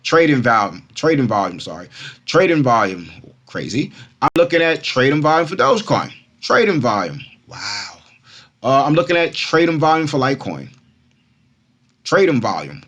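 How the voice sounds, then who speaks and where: Hosting a casual crypto channel, a man from Brooklyn, New York, addresses his followers as Kumas again and again. He's animated and repetitive, speaking in a mid-range voice at a moderate pace.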